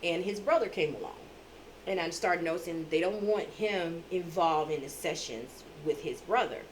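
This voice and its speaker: A middle-aged woman hosting a casual chat, who tells stories in an animated, emphatic way. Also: on the low side, moderate pace, slight background noise, rough recording.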